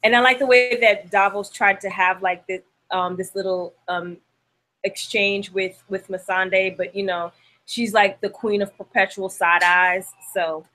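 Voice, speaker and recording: A chatty young woman hosts a loose show recap, with plenty of laughs and fillers along the way. Her voice sits at a mid pitch for a woman. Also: fairly even intonation, a little slow, sharp tone, rough recording. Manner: chatty, laughs often, acts out lines from the show. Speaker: podcast host. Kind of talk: casual TV recap chat.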